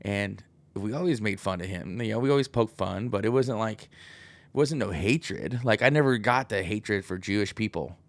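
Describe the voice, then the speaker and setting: A man's voice: fairly low pitch, moderate pace, no echo. A man hosting a podcast, talking in a profane, meandering casual monologue and acting out quoted voices. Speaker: podcast host.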